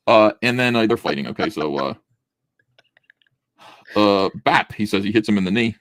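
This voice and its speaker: Speaking at normal speed with frequent pauses, this comic book reviewer has a lowish voice and no echo on the recording. His casual review chat mixes sarcastic humor and laughter with dramatic readings of the panels.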